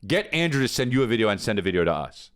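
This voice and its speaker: A man's voice: on the low side, big pitch swings, very fast, a bit bright, smooth. A man co-hosting a podcast in casual chat, rambling and joking with lots of "dude", and reading an ad. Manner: rambling, loose, jokey, with frequent "dude". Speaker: podcast co-host. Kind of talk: casual chat with a host-read ad.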